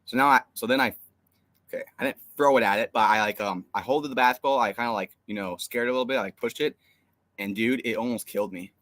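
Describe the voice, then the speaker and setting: Speaking quickly in a mid-range, fairly bright voice, this young man rambles through an exasperated tale full of filler words. He's co-hosting a fan live stream, keeping the chat casual.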